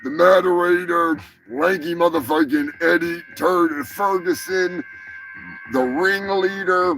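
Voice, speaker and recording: A gravelly-voiced man hosts a crude comedy show, talking slowly and rambling between profanities. He breaks into yelling outbursts now and then. Faint music plays behind him. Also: sits high, low-quality recording.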